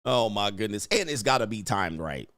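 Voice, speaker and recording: A man's voice: fairly low pitch, sing-song, normal speed, fairly bright tone, dry recording. A man hosting a livestream, ranting with constant swearing and mocking asides, reading chat messages aloud. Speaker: livestream host. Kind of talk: profane ranting commentary.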